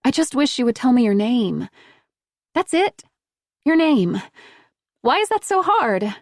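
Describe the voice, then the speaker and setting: A woman voicing a chatty woman gently coaxing a silent child, in an upbeat, questioning tone. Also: high-pitched, very animated, unhurried, no room sound, studio quality, pitched above the performer's own voice, full character voice. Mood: frustrated.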